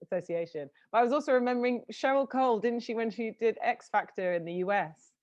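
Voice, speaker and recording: A woman's voice: fairly high pitch, quick pace, darkish tone, dull audio. A woman interviewer from southern England asking friendly, conversational questions.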